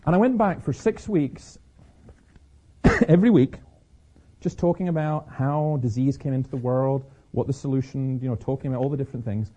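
A man's voice: mid-range voice, moderate pace, dark tone. A man giving a Christian talk, telling personal stories with frequent restarts and repeated words. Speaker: Christian speaker.

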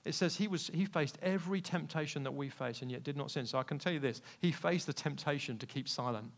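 A man preaching a sermon, telling personal stories candidly and swinging between quiet asides and loud, emphatic peaks. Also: a little high, fast, creaky. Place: church service.

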